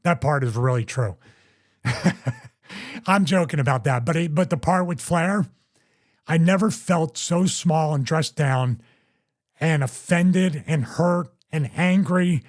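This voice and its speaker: A man's voice: on the high side, slow, long pauses. A middle-aged man hosting a podcast, casually telling a story and acting out other people's quotes in raised voices.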